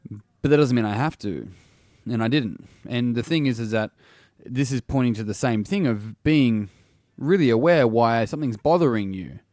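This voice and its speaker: A man's voice: mid-range voice, moderate pace, darkish tone, no room sound, studio quality. A man hosting a solo podcast and working as a coach, talking casually and bluntly, swearing freely and restarting his sentences often.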